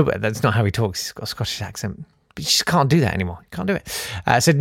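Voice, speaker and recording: A man's voice: mid-range voice, lively intonation, fast talker, vocal fry, no room sound, clean studio sound. Sarcastic man doing satirical comedy. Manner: sarcastic, mock-indignant, bursts into shouting riffs. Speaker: comedian host.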